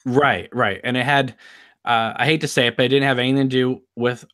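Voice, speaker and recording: A man co-hosting a live podcast stream in casual chat, laughing often and talking in halting restarts. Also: medium pitch, fairly even intonation, fairly bright tone. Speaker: podcast co-host.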